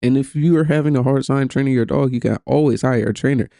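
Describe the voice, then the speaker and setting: A man commentating casually on clips, blunt and profane, saying he is high. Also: quick pace, gravelly, warm tone, no room sound, clean studio sound. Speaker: reaction streamer.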